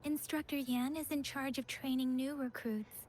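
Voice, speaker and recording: A woman voicing a calm, gentle companion. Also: high-pitched, normal speed, crowd noise, close to an everyday voice. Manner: calm and explanatory. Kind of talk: game voice acting.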